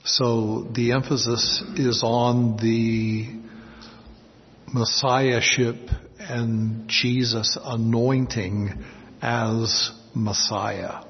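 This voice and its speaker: A man teaching through a Bible passage verse by verse, slowly explaining words and stressing the key ones. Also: mid-range voice, flat delivery. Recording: dull sound with long hall reverb.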